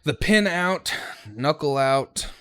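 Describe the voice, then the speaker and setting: A young man recaps his conductor training in a loose, rambling vlog, cursing casually and restarting his sentences. His pitch swings widely as he talks. The sound is dry and close, with no room echo. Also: lively intonation, slow pace, sharp tone, clear, resonant tone.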